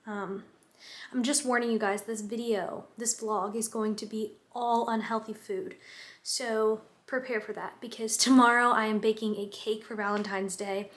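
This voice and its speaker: Talking at a moderate pace in a steady, fairly high voice, this student in her twenties vlogs from her kitchen and bedroom. She's chatty and giggly, with plenty of "like" and other fillers plus little laughs.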